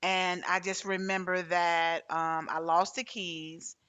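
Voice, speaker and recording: A woman's voice: lowish voice, flat delivery, takes it slowly, fairly bright tone, clean tone. A woman hosting a podcast interview, talking casually and hesitantly, with many restarts as she tells a personal story. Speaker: podcast host.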